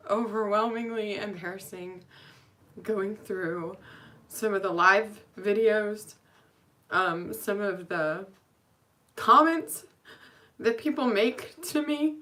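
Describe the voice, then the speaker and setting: A young woman talks straight to her friends and family in a personal vlog, open and emotional, drifting between thoughts with plenty of ums. Her voice is bright and clear, sitting at a middle pitch. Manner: candid, rambling, emotional, frequent um fillers. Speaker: nurse.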